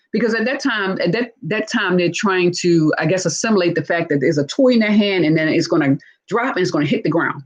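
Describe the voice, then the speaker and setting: Husky-voiced woman hosting a lively talk. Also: fairly low pitch, highs cut off. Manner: animated, acts out quoted speech, frequent "right?". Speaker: host discussing narcissistic relationships. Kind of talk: live casual teaching talk.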